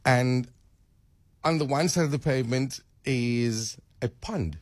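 A man hosting a talk show, musing aloud, often repeating words and getting animated. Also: mid-range voice, slow, dry recording. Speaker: radio host. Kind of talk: casual radio chat.

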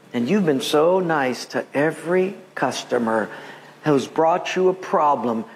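A man preaching as a pastor, telling animated personal stories and acting out the voices of the people in them, laughing often. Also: on the high side, a little hiss or hum. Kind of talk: sermon with storytelling.

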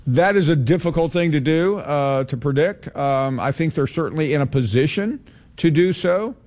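A male sports radio host taking calls and talking slowly, with many hesitations. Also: fairly high pitch, a little mellow. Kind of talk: call-in sports talk.

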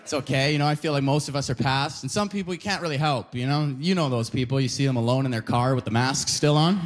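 A man from Alberta, Canada doing a stand-up comedy set, chatty and animated, often slipping into voices of other people. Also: mid-range voice, fast talker. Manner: animated, conversational, lots of "you know", mimics voices.

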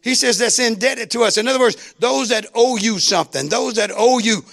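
A male pastor preaching a sermon, calling out to the congregation for responses and shouting exclamations. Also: very high-pitched, moderate pace, vocal fry.

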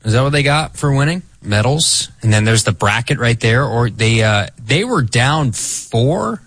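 A man's voice: mid-range voice, animated, unhurried, fairly bright tone, no room sound. A young man co-hosting a sports radio show, joking and teasing in casual banter.

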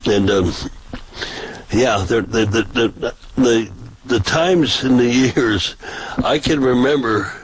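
Breathy man telling street-preaching stories. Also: slow pace, rough recording. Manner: animated, pitch jumps for quoted voices. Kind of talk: casual storytelling.

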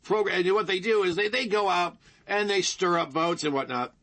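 A man's voice: high-pitched, moderate pace, fairly bright tone. A man hosting a political talk show, delivering an opinionated monologue with emphatic repetition and frequent calls to "folks.". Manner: emphatic and repetitive, keeps addressing listeners as folks.

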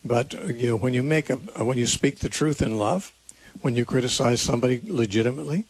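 A man talks through a listener's question on a call-in radio show, earnest and unscripted, often restarting his sentences as he thinks aloud. His voice is husky and slightly breathy, and it sits close to a studio microphone in a dry, dead room with no echo. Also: medium pitch, brisk, a little mellow. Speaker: radio call-in host answering Bible questions.

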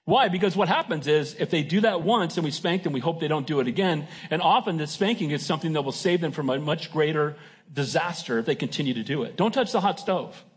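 Husky-voiced pastor preaching conversationally. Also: male voice, a little high, fast talker. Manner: conversational preaching with frequent "Amen?" call-outs. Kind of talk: sermon.

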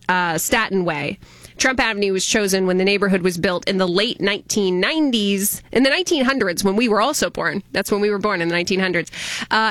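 A woman's voice: medium pitch, a bit bright, no echo. A woman hosting a chatty radio news segment, joking and laughing at her own jokes. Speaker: radio host. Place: radio studio.

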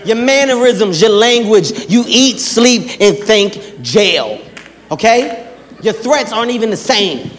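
A man doing a stand-up comedy routine, telling exaggerated stories with shouted punchlines. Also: high voice, expressive, slow. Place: large performance hall. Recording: reverberant hall, faint background noise.

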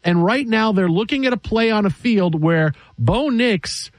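Male radio host, high voice, animated sports chat, dry booth sound. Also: no room sound. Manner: animated, jokey, quick restarts.

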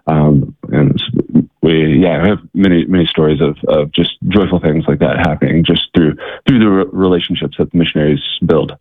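A man telling earnest stories as an interview guest, halting with many restarts and fillers, over a phone-like line. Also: a bass voice, fairly even intonation, husky, dry recording. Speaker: guest, missionary organization worker. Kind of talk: interview storytelling. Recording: tinny phone-like line, dry.

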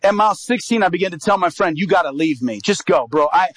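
A man's voice: sits high, fast talker, dry recording, low-quality recording. A man telling a personal story in a sermon, acting out what people said. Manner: lively storytelling with acted-out quotes.

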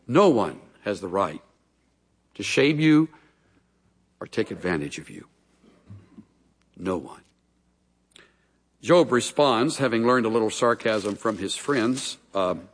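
Animated preacher in a big echoing hall. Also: male voice, mid-range voice. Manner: folksy storytelling with humorous asides. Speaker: pastor. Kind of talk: sermon. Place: large church hall. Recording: long reverb of a large hall.

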